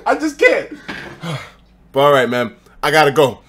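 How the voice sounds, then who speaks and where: Tipsy, animated young man streaming. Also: a little slow, noisy background. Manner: loose, profane and excitable, swinging between loud outbursts and low mumbles. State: tipsy after drinking. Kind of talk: casual live-stream chat. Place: home apartment.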